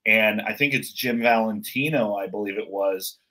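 A man's voice: on the low side, moderate pace, bright, forceful tone, rough recording. A man hosting a casual chat, rambling with many fillers.

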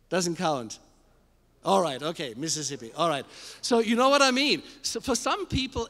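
A male pastor preaching a sermon to a live congregation, emphatic, asking the room questions and building to shouted climaxes. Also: high-pitched. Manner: addresses the congregation directly with questions. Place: church service with a live congregation. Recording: long hall reverb in a church.

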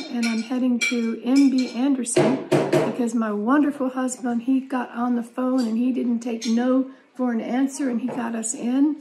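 An older woman chatting casually with family, an animated storyteller who often laughs. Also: on the high side, background noise. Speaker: family matriarch in a family chat.

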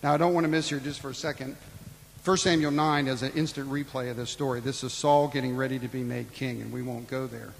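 A man preaching a sermon, acting out Bible dialogue in his own voice and swinging between loud and hushed. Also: medium pitch, fairly even intonation, quick pace, gravelly, in a large hall, a little hiss or hum, low-quality recording. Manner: preaching with acted-out Bible dialogue, rising and falling in volume. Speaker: pastor.

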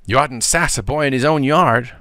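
A cheeky, mischievous boy coaxes and teases in a lightly raised voice, as a man plays him for a storybook. His speech is lively and bouncy, and the sound is close and dry. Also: mid-range voice, normal speed, no room sound, pitched above the performer's own voice. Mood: coaxing. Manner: cheeky, coaxing.

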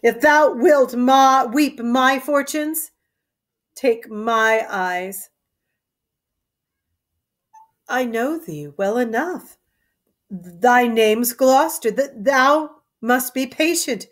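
A woman reading aloud as a mad old king, crying out, laughing and shouting in high, shrill bursts. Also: slow pace. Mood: grieving, preaching. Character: mad old king, raving, weeping and wild.

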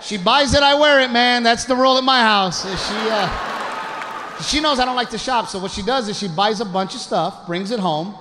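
High-voiced man doing loud stand-up. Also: moderate pace. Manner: loud, animated storytelling with shouted impressions. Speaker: stand-up comedian. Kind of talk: stand-up comedy set. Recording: live show with crowd noise. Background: audience laughter.

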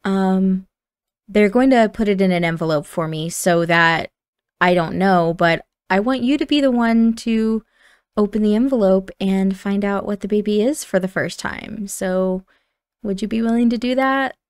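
A woman voicing an earnest young expectant mother who stumbles through her words, pausing on fillers as she works up to big news. The tone is smooth and clean, recorded close and dry with no room around it, in an improvised character bit over gameplay. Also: mid-range voice, no room sound, close to an everyday voice. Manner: hesitant, halting with fillers.

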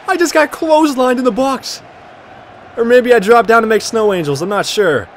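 A man giving casual, jokey commentary while playing a football video game, often shouting at the action. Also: very high voice, lively intonation, moderate pace, a little hiss or hum. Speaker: gaming commentator.

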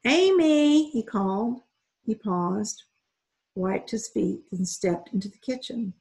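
A woman reading a children's novel aloud in an unhurried, expressive storytelling manner. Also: mid-range voice, gravelly, breathy edge, rough recording. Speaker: reader.

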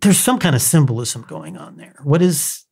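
A man's voice: fairly high pitch, expressive, normal speed, gravelly, a little mellow, breathy edge. Man reading aloud on a book podcast. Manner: reads long passages, then tells anecdotes with laughter. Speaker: podcast co-host. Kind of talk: casual book discussion with read-aloud passages.

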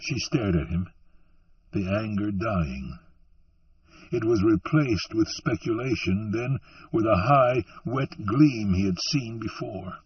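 Measured male audiobook narrator, slow and dramatic; dry sound, dull and recorded from afar. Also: lowish voice, expressive, husky, no echo, far from the mic.

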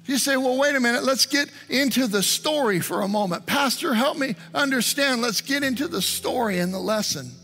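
Pastor, male, high and bright, earnest sermon delivery over soft music. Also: lively intonation, normal speed, few pauses. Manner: earnest preaching with prayerful asides. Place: church. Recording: online service stream with music.

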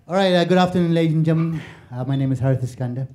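A man's voice: a little high, racing, mellow. A man, doing chatty, self-mocking stand-up comedy. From Malaysia. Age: 40s.

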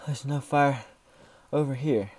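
Slow-talking man doing game commentary. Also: mid-range voice, darkish tone, husky. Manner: mock-panicked, yelping jokily at danger. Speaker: gaming YouTuber. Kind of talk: let's play commentary.

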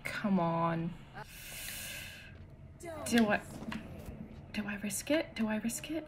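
A woman's voice: mid-range voice, expressive, slow, pauses often, heavy background noise. A woman giving nervous horror-game commentary, whispering one moment and shrieking the next. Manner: jumpy, swings from whispers to shrieks. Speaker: gaming streamer.

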